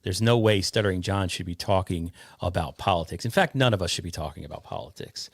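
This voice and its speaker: A man hosting a casual podcast, reading out chat comments in a halting, rambling way. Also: low-pitched, breathy edge, no room sound, studio quality. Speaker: podcast host.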